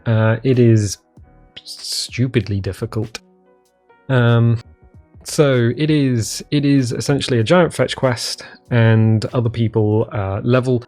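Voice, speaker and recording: A man's voice: medium pitch, slow pace, a little mellow, soft background music. A man with an English accent talking casually to camera in a vlog from his living room, rambling and self-deprecating with many ums and restarts. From England. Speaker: vlogger.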